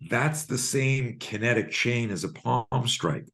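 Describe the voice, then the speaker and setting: A man's voice: medium pitch, takes it slowly. A man in his fifties, a fear and self-defense coach, telling stories in a podcast interview and acting out both sides of the conversations. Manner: animated storyteller acting out dialogues.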